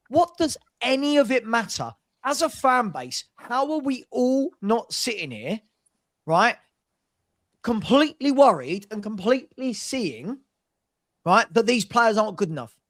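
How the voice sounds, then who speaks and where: Furious man ranting at his chat. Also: high voice. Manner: angry, exasperated, swearing, rapid rhetorical questions. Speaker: watchalong host. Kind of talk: heated live-stream football rant.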